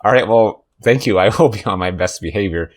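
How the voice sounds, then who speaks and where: Low-pitched male let's-play host, sarcastic casual commentary. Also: a little fast. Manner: jokey, sarcastic running commentary.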